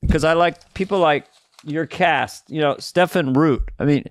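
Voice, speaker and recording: A man's voice: fairly high pitch, measured pace, dry recording. A man co-hosting a casual comedy chat, talking with enthusiastic, rambling praise. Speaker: co-host.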